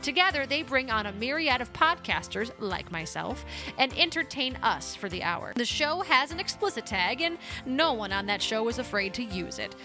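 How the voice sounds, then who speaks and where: A woman hosting a podcast, calmly reading a scripted promo spot. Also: on the high side, moderate pace, over music. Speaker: podcast host.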